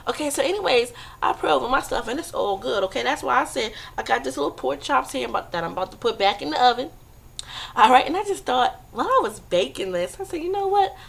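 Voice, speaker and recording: A woman's voice: high voice, creaky, a bit bright. A woman vlogger giving a casual comedic monologue, chatty, often checking in with the listener. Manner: chatty, repeats "okay" and "come on now".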